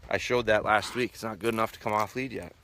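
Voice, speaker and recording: A man's voice: lowish voice, steady tone, quick pace, pushed and bright, a little hiss or hum. A middle-aged man, a dog trainer, talking casually outdoors while live-streaming and answering viewers' questions. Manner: casual, repeats himself, imitates whistle blasts. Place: outdoors with his dogs.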